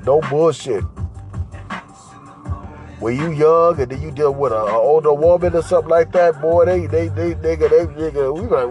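A man's voice: on the high side, moderate pace, a little mellow, lo-fi sound, faint music behind. A man hosting a podcast, telling a crude story in a boastful, profane way, repeating phrases and slipping into singsong. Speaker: podcast host.

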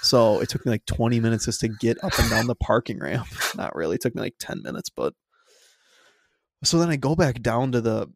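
Gravelly young man. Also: mid-range voice, expressive, brisk, dry recording, studio quality. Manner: exasperated, swears, laughs through the story. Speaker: podcast co-host. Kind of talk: casual storytelling chat.

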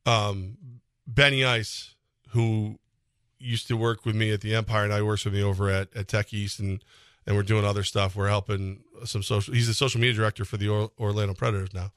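A man on sports radio, talking loosely and laughing while he complains. His voice is bright and punchy, and the studio sound is dry and close. He jumps between pitches as he rants. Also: a little fast, smooth, no room sound. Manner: animated, exasperated ranting with laughs. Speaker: co-host of a sports radio show. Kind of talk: casual sports talk.

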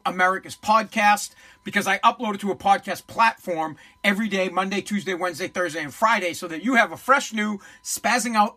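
A man's voice: high-pitched, pushed and bright. A man from Boston hosting his own podcast, ranting in a blunt, mocking and profane way. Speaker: podcast host. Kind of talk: ranting solo podcast commentary.

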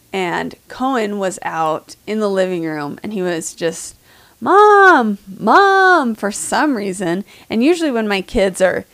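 Soft-voiced chatty woman podcast host. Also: mid-range voice, dry recording. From United States. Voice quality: soft voice that doesn't carry. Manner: laughs often, chatty and self-deprecating. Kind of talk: casual chat.

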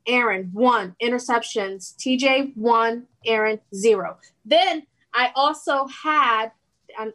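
A woman's voice: fairly high pitch, a bit bright, low-quality recording. A woman co-hosting a casual sports podcast, ranting heatedly about an award and laughing between points. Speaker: podcast co-host.

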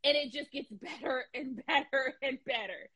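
A woman in casual podcast chat, talking in an animated, slangy, emphatic way. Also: sits high, normal speed, breathy edge, poor audio.

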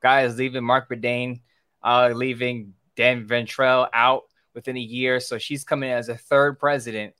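A man's voice: medium pitch, flat delivery, unhurried, bright, forceful tone, smooth, no room sound, clean studio sound. Frank man giving sports opinions. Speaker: sports podcast co-host. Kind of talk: casual sports talk.

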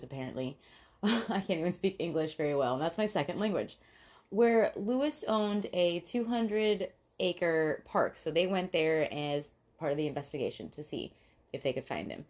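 A young woman with a fairly low voice recaps a true-crime case in casual podcast chat. She talks loosely, with filler words, swearing and giggles. Her tone stays informal. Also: a little mellow. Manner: chatty and giggly, frequent fillers and profanity. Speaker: podcast co-host.

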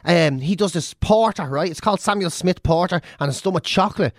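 An Irish man co-hosting a podcast in casual chat, swearing freely and launching into animated rants. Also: high-pitched, brisk, no room sound, studio quality. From Ireland. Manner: swears constantly, animated rants with mimicked drum sounds. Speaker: podcast co-host.

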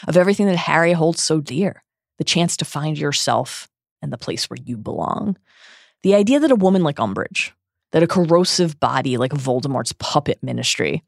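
A woman's voice: rumbling low, vocal fry, dry recording, studio quality. A woman hosting a podcast, recapping a book in an earnest, dramatic reading. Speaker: podcast host.

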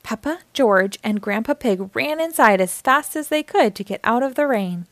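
A woman reading a picture book aloud to children, with clear, expressive storytelling. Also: a little high, moderate pace, dry recording.

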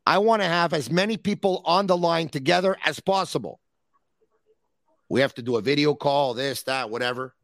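A man hosting a call-in podcast, teasing his caller in a playful way with drawn-out emphasis. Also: on the high side, fairly bright tone, no echo, studio quality. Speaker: podcast host. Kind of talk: casual call-in chat.

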